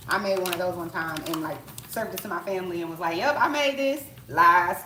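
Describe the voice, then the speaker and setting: A woman in her thirties chats casually on a home cooking live stream, using slang and plenty of asides and rhetorical questions. Her voice is lowish, bright and forceful, with fairly even intonation and a quick pace. A tablet propped on the counter picks her up in an echoey home kitchen, with pots, utensils and stirring clattering around her and a little hiss or hum.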